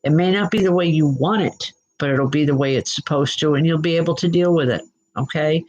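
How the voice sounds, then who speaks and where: A woman's voice: sits low, fairly quick, a little mellow, low-quality recording. Chatty woman giving spiritual readings. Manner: chatty, reassuring, addresses viewers by name; frequent fillers and restarts, checks in with "okay?". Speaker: psychic medium host. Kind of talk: live spiritual reading for viewers.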